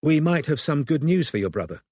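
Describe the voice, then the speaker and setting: A man's voice: on the high side, very animated, a little fast, a little mellow, breathy edge, no room sound, pitched above the performer's own voice. A man voicing a nervous but determined young woman. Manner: forced confidence, polite and eager.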